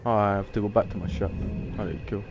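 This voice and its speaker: A man commentating his own video game play in a casual, excitable way, swearing freely and shouting out during fights. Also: fairly low pitch, quick pace, vocal fry, highs cut off, background noise. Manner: swearing, excitable outbursts and shouts while playing. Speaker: gamer playing a video game.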